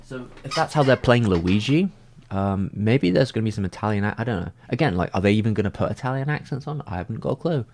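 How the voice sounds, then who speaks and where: Low-voiced man rambling through stream chat. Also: expressive, fast, a little mellow. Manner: rambling, heavy use of "like"; thinks aloud with frequent restarts. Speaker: streamer answering viewer comments. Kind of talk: casual livestream chat.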